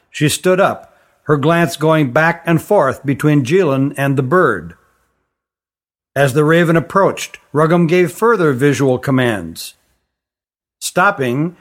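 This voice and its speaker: Male audiobook narrator with a raised voice. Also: on the high side.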